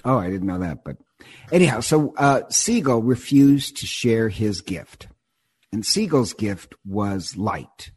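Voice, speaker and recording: A man in casual conversation, retelling a myth in an animated, digressive way and often repeating words as he goes. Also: lowish voice, unhurried, breathy edge.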